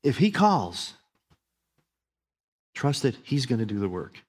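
A man in his fifties delivering a sermon from the pulpit. His preaching is emphatic, with loud declarations that drop into quieter, lower asides. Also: sing-song, slow, breathy edge. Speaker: pastor.

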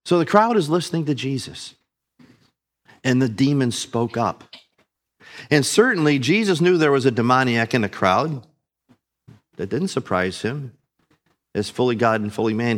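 A man preaching an expository sermon, reading scripture aloud and explaining it slowly and deliberately. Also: medium pitch.

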